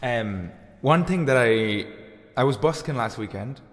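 A man's voice: medium pitch, animated, a little slow. Chatty thirty-year-old man on a livestream, reverberant. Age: 30s. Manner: rambling and chatty, full of fillers. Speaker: livestream host and musician. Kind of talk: casual chat reading out viewer comments. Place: home room with lights and guitar gear.

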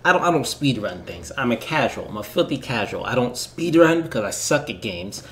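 A man's voice: fairly high pitch, wildly swooping pitch, moderate pace, few pauses, fairly bright tone. A man hosting a let's play, rambling and self-deprecating as he comments on the game. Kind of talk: casual gameplay commentary.

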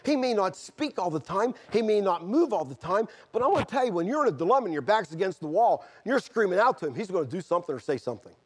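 A middle-aged man, preaching a sermon and telling a personal testimony, moving from quiet storytelling to fervent outbursts. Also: high-pitched, very animated, quick pace, few pauses, husky. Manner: earnest, swings from quiet storytelling to shouted fervor.

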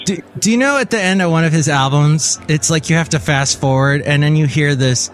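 Man, podcast host, casual interview chat, chatty, full of tangents, slightly high pitch. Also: fairly quick, faint music behind. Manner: chatty, eager to share tangents.

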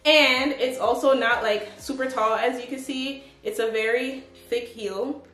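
A woman's voice: on the high side, fairly even intonation, measured pace, a bit bright, roomy sound. A woman chatting casually through a clothing try-on haul, upbeat and full of fillers, sometimes out of breath. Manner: chatty, upbeat, lots of "like" and "but yeah". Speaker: fashion vlogger. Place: home room with a tripod. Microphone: camera on a tripod.

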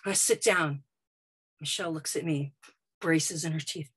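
A woman from Brooklyn telling a first-person story on stage, dramatic and vivid, moving between quiet and loud passages. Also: low voice, measured pace, pauses often, slightly rough. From Brooklyn, United States.

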